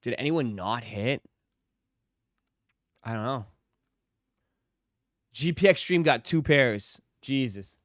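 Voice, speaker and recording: A man's voice: medium pitch, expressive, takes it slowly, long pauses, no room sound, clean studio sound. A man hosting a casual livestream, talking straight to his chat viewers and repeating phrases for emphasis. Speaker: livestream host.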